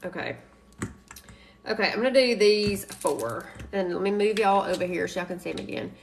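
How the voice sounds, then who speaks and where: A woman's voice: medium pitch, expressive, moderate pace, creaky, a little hiss or hum. A woman hosting a crafting live stream, chatting in a rambling, chatty way and laughing often. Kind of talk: casual live stream chat.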